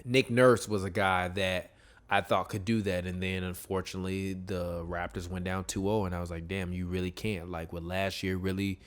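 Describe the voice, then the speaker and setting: A man co-hosting a casual sports talk show, rambling and animated, often correcting himself mid-sentence. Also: low voice, moderate pace. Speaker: podcast co-host.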